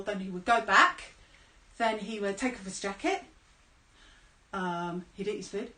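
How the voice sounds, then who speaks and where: Animated woman telling a kids' story. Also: mid-range voice, normal speed. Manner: animated, playful, with sound effects and calls to join in. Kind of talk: live children's storytelling. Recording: roomy echo.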